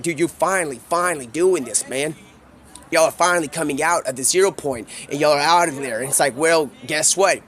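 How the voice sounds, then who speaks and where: A man's voice: a little high, a bit bright. Rambling streamer man telling a wild story. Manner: rambling, drawling slang, quick voice switches for quoted characters. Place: home streaming setup.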